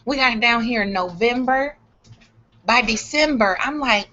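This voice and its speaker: A middle-aged woman from Chicago, telling a profane, animated story in a casual vlog and acting out other people's lines. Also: fairly high pitch, normal speed. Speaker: vlogger. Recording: dull lo-fi sound.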